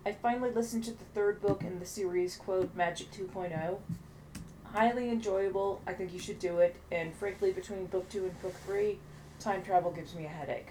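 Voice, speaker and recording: A woman's voice: mid-range voice, mellow, slight background noise, low-quality recording. Teasing woman podcast co-host. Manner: teasing, quick interjections. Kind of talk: casual chat.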